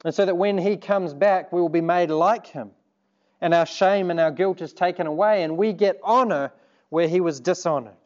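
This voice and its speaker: A man's voice: sits high, moderate pace, a little mellow, highs cut off. A man preaching a sermon, earnest and conversational, turning to the congregation with asides. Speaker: pastor.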